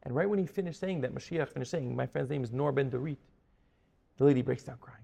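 Gravelly man preaching in a reverberant hall. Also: medium pitch, fast talker. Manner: dramatic, swings from hushed to emphatic. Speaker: Torah teacher. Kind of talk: storytelling sermon.

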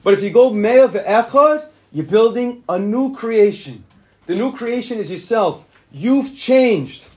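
High-voiced rabbi preaching emphatically. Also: male voice, expressive, measured pace, darkish tone. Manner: emphatic and repetitive, rising to insistent peaks; mixes Hebrew terms into English. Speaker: yeshiva rabbi. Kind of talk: Torah lecture to students.

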